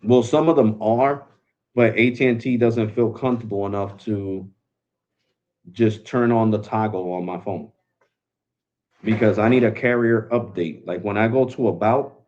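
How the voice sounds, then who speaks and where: A laid-back man hosts a tech live stream in a relaxed, slangy way, calling his viewers bro. His voice sits low. The sound is dull and lo-fi. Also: normal speed. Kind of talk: casual live stream talk.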